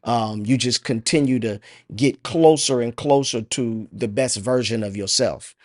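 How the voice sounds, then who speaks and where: A middle-aged man hosting a podcast and sharing a personal testimony, earnest and reflective, halting often with fillers. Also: mid-range voice, no echo, studio quality. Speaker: podcast host.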